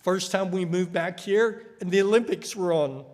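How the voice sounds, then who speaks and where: High-voiced man preaching in an echoey hall. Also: normal speed, a little mellow. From United States. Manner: storytelling, acts out quoted voices. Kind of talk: sermon. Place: church hall.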